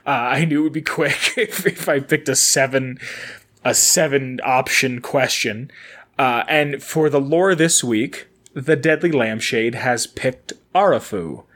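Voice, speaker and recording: With a somewhat bright mid-range voice and a slightly slow pace, this podcast host chats on his own, drifting from point to point and fixing his words as he goes. He laughs easily and records indoors on a camera and mic setup in his newly moved-into building.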